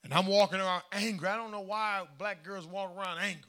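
A man with a high, bright voice preaches a sermon in a church. He pushes his lines out hard, then drops to hushed asides, and calls on the crowd to answer him. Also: steady tone, a little fast. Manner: emphatic call-and-response preaching, swinging from shouts to hushed asides.

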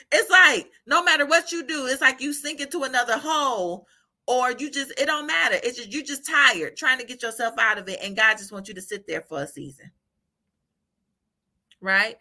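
A woman giving an informal devotional talk, animated, often laughing and asking "right?" as she encourages listeners. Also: sits high, unhurried. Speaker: faith encourager.

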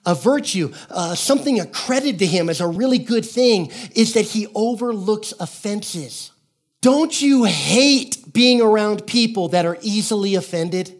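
Higher-voiced pastor telling stories. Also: male voice, animated, unhurried. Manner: storytelling, conversational, calls out to the congregation; acts out characters in quoted voices. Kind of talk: sermon.

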